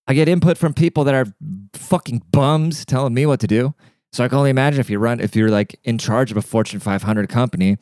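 A man's voice: medium pitch, darkish tone, no room sound, clean studio sound. A man ranting casually and sarcastically, swearing freely as he talks alone into the mic. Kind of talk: casual profane rant.

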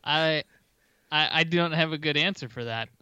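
Bright-voiced man on a dull, dry mic. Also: fairly high pitch, clean tone, no room sound. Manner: halting, many restarts, joking. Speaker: podcast co-host. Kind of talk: casual podcast chat.

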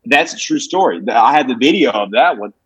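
A man's voice: medium pitch, animated, brisk, fairly bright tone, husky, dry recording. Rambling comedian in his twenties. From Alabama. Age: 20s. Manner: rambling, full of likes and restarts. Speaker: comedian guest. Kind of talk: casual podcast chat. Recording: dull dry lo-fi sound.

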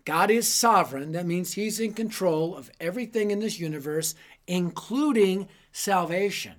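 A man hosting a youth ministry teaching episode, telling stories with animated, dramatic delivery. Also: high-pitched, moderate pace. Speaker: youth ministry speaker and host. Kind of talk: evangelistic teaching talk with storytelling.

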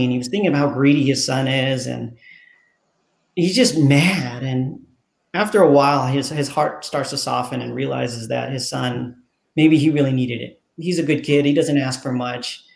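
This author, appearing as a guest in an interview, tells a story with animation, voicing each character's dialogue. He speaks at a normal speed with a creaky, medium-pitched voice, and the sound is roomy.

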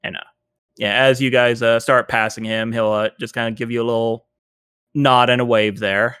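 A man narrating as game master, with frequent pauses and fillers. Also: medium pitch, flat delivery, fairly bright tone, clean tone, dry recording. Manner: hesitant, many fillers.

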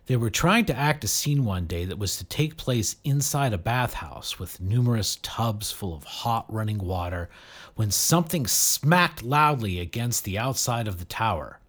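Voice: medium pitch, measured pace, breathy edge. A storyteller narrating an audiobook expressively. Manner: expressive, animated.

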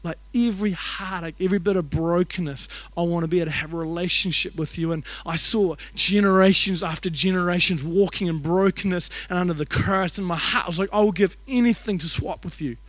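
A man's voice: high-pitched, steady tone, brisk, hardly any pauses, fairly bright tone, no room sound. A man preaching at a church service, telling a personal story in an earnest, conversational way, full of "like" and asides. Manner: conversational, earnest, heavy use of "like". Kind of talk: emotional storytelling sermon.

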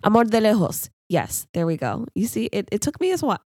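A woman's voice: medium pitch, huge pitch swings, a little fast, mellow, breathy edge, no echo, studio quality. A young woman hosting a solo podcast, rambling casually and laughing at herself. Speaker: podcast host.

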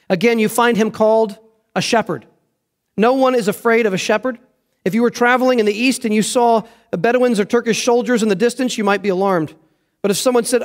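A man's voice: high-pitched, fast talker. A man preaching a sermon as pastor, earnest and emphatic, repeating key phrases for weight.

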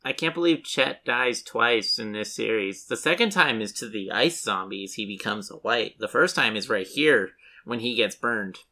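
A man's voice: fairly low pitch, animated, moderate pace, pushed and bright. A man co-hosting a casual book podcast, offering thoughtful commentary on the characters. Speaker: podcast co-host. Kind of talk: casual book-club chat.

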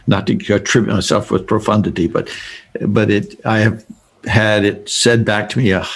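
Gravelly, husky man telling a story. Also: lowish voice. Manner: earnest, rambling, self-correcting with many restarts. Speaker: Christian speaker. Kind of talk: storytelling talk to a group.

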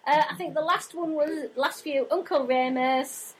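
A woman's voice: high-pitched, measured pace, slight background noise, rough recording. A woman co-hosting a live podcast meetup, giggling as she reads out a list. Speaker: podcast co-host. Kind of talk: casual live chat.

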